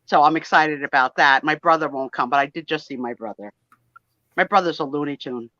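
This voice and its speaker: A woman's voice: deep voice, a little fast, no echo. A middle-aged woman, telling stories in a casual chat on a video call. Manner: chatty, storytelling, animated. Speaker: guest on a live sale chat. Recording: dry, dull lo-fi call audio.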